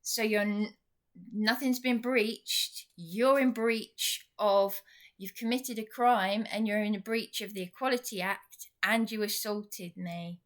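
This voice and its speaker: A woman talks straight to camera in a rambling, indignant vlog. She is sarcastic throughout and speaks at an unhurried, drawn-out pace. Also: mid-range voice, steady tone. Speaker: vlogger. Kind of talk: venting monologue to camera.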